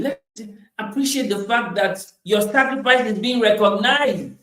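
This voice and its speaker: A man giving a motivational talk, emphatic, repeating his points and swinging between loud bursts and quieter stretches. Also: sits high, a little slow, reverberant, rough recording. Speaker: motivational speaker.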